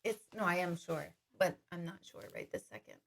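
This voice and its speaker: A woman's voice: fairly low pitch, sing-song, brisk, vocal fry. A woman working as an intuitive medium, chatting casually on a live stream, reading viewer questions aloud and laughing often.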